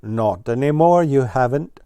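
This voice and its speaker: A man voicing a brash, teasing male blue jay in a storybook, talking loud and cheeky. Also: mid-range voice, lively intonation, a little slow, smooth, dry recording, pitched above the performer's own voice, lightly acted.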